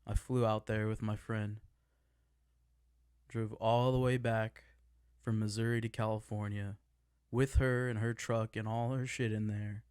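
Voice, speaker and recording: A man's voice: lowish voice, little pitch movement, measured pace, a little mellow, clear, resonant tone, dry recording. Agitated man venting, dry close sound. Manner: agitated, swearing, voice rising as he vents. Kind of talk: emotional personal account.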